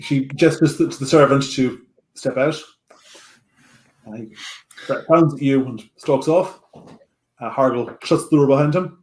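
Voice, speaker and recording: A man's voice: medium pitch, a little slow, pauses often, darkish tone. A man narrating as dungeon master, hesitant and full of fillers, in a roomy-sounding recording. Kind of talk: narrating a tabletop game. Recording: roomy echo.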